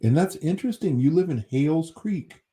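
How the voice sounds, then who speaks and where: An American man hosts his own channel, reading chat and talking with viewers in a rambling, easygoing livestream that includes casual swearing. His voice sits on the high side, animated and fairly quick, with a dark tone and a breathy edge.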